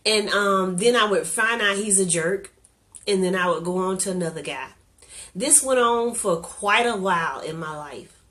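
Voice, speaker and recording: A woman's voice: mid-range voice, normal speed, fairly bright tone. A woman sharing a personal testimony in candid, conversational storytelling, earnest and openly emotional.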